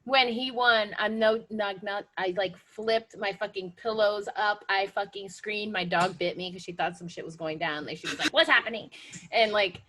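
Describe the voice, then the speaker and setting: A woman co-hosting a wrestling podcast in casual chat, excitable and swearing freely. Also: normal speed, few pauses. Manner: excitable, swears freely, jumps into high squeals. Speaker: podcast co-host.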